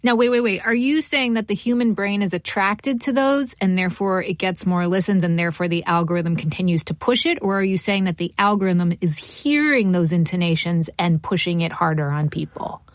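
A woman's voice: fairly low pitch, a little fast, hardly any pauses, no echo. A woman hosting a casual interview, curious and cutting in with questions. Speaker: radio host.

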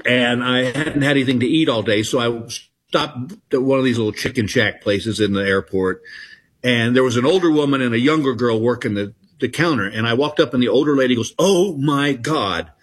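Middle-aged man, husky voice, halting self-deprecating anecdotes, interview guest. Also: mid-range voice. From Texas. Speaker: comedian guest. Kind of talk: casual interview chat.

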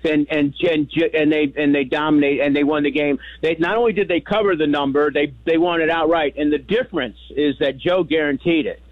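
An older man from New York calling in over a tinny, dry phone line. His voice sits slightly high, and he rambles through his stories with many restarts. He keeps the telling animated as he goes. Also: brisk, hardly any pauses, dry recording. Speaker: caller. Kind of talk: call-in radio chat.

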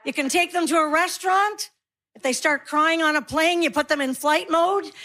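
A middle-aged woman doing stand-up comedy, wry and quick to act out the people she mocks. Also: high voice. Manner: wry, acts out mocking voices of others.

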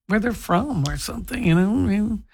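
A middle-aged woman co-hosting a morning radio show, telling stories in a giggly, animated way. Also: mid-range voice, moderate pace, breathy edge. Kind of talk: casual on-air banter.

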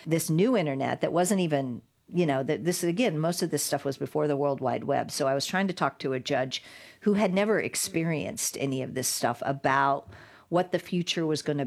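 A woman's voice: low voice, moderate pace, gravelly. A middle-aged woman, a guest lawyer, telling a story in an interview and acting out the quotes. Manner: animated storyteller, acts out quotes with laughs. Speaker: guest, digital rights lawyer.

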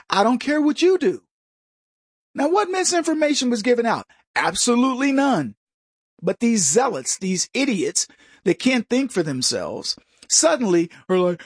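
A man's voice: very high voice, slightly rough, dry recording, studio quality. A man hosting a commentary show, delivering a combative, mocking opinion monologue and mimicking his opponents.

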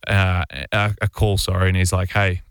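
A man's voice: deep voice, normal speed, smooth, no echo. An Australian man, a basketball player, telling a story casually on a radio show, rambling with lots of fillers and restarts. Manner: rambling, relaxed, full of "like" and restarts.

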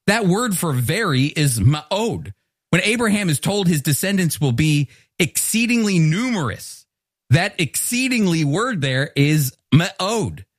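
A man delivering an earnest Bible teaching, his pitch sitting a little high and moving a lot as he explains. He trips and restarts words now and then but keeps pressing his point. The sound is dry and close, with no room around it. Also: dry recording. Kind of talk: sermon-style Bible teaching.

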